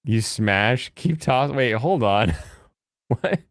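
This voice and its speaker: An American man chatting casually with his live-stream audience, joking and breaking into high mocking voices. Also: expressive, takes it slowly, no echo, clean studio sound. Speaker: streamer reacting to chat.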